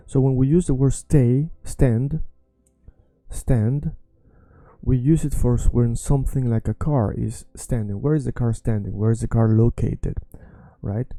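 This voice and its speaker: Male language teacher, Swedish accent, deep dark fry-edged voice, dry close sound, patient drilling delivery. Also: no room sound. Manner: patient, repeats words slowly to drill pronunciation. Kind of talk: language lesson.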